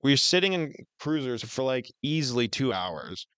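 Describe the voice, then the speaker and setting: Brief: male podcast co-host, casual rambling storyteller, smooth voice, dry close mic. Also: mid-range voice, big pitch swings, moderate pace, fairly bright tone, no echo. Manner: rambling, heavy on fillers and swearing.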